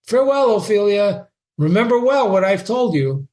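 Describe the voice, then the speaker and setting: A man's voice: sits high, sing-song, moderate pace, a little mellow, voice pushed up. A man reading the part of an earnest young nobleman who says farewell to his sister.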